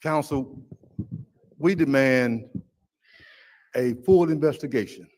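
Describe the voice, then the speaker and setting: A man's voice: mid-range voice, takes it slowly, darkish tone, a little hiss or hum, rough recording. A man giving a public comment speech to a city council, emphatic and indignant as he demands an investigation. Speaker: resident speaking at public comment.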